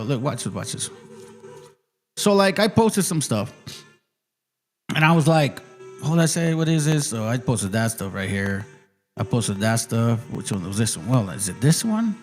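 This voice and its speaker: Ranting man host, raised voice, swings up and down, quiet music behind. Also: fairly high pitch, very animated, normal speed. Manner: heated, profane, mocking. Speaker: channel host. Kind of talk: profane ranting commentary on clips.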